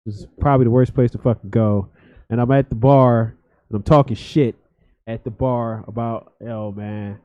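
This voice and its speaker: Heard through dull, lo-fi podcast sound, a Philadelphia comic on as a guest rambles through casual stories at a normal pace. His mid-range voice stays steady while he swears and leans heavily on filler words.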